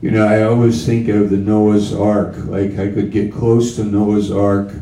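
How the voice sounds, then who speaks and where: Male preacher, sermon delivery, unhurried and emphatic; echoey room, mic at a distance. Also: lowish voice, flat delivery, mellow. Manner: slow, emphatic, with repeated phrases. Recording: roomy sound from off-mic.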